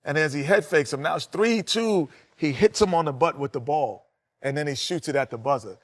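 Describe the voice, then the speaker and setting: A man with a fairly high voice excitedly recounts a game-winning shot. He narrates with clear enthusiasm. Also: fairly quick. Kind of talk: narrated anecdote.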